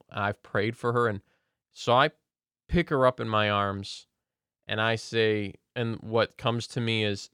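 A man's voice: on the low side, steady tone, measured pace, fairly bright tone, smooth, no echo, clean studio sound. A man earnestly sharing a personal faith testimony in casual conversation, often restarting his sentences.

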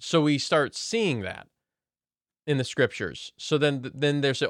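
A man's voice: medium pitch, lively intonation, measured pace, no room sound, studio quality. A man earnestly sharing a personal faith testimony in casual conversation, often restarting his sentences.

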